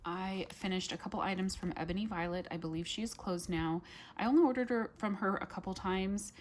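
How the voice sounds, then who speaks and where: A woman vlogger chatting casually through a product review, full of ums and likes and quick self-corrections. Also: mid-range voice, slight background noise.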